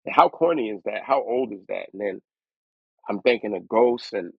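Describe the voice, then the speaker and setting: A lower-pitched man tells stories as a guest rapper in an interview, lively and fond of doing other people's voices. The sound is dry and close, squeezed thin like a phone line. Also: normal speed, creaky, husky, no echo. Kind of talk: storytelling interview.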